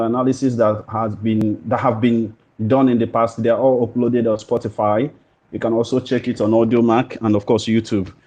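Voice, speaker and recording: A Nigerian man hosting an interview show, formal and welcoming, pausing often with fillers. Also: medium pitch, warm tone. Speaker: podcast host. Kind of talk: hosted interview.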